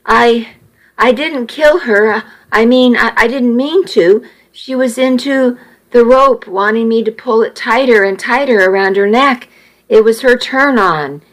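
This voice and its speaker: A woman's voice: a little high, measured pace, lightly acted. A woman voicing a stammering, panicked young man. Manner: stammering, wailing. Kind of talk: audiobook character voice.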